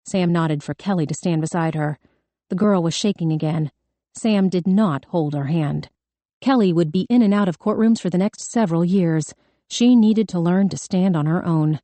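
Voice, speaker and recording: A woman narrating an audiobook thriller in a measured, tense storytelling manner. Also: lowish voice, warm tone, no echo. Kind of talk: scripted narration.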